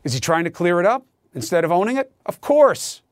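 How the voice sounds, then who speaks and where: A man's voice: high-pitched, big pitch swings, brisk, dry recording, studio quality. A man hosting a news show, delivering a heated, sarcastic opinion monologue.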